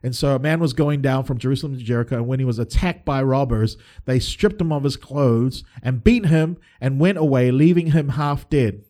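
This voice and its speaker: A man's voice: mid-range voice, moderate pace, few pauses, mellow. A man preaching a sermon as a pastor, earnest and emphatic, often restarting his phrases.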